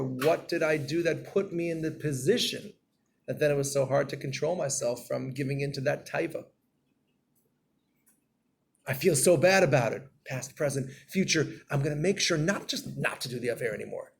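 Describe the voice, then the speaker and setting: A man giving a Torah class in a storytelling way, acting out scenes and getting loud and animated. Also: fairly high pitch, gravelly, a little hiss or hum.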